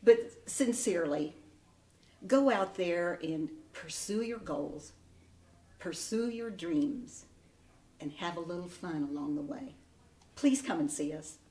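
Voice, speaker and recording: A woman giving gentle, encouraging advice to young graduates in a storytelling manner. Her voice sits a little low and reaches the mic from some distance in an echoey room. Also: expressive, slow. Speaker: ceremony speaker. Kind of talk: heartfelt advice speech.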